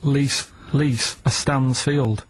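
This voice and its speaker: A man's voice: medium pitch, steady tone, extremely slow, a little hiss or hum. A man who is a regular on a radio show, chatting casually in a plodding, hesitant way and repeating himself. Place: radio studio.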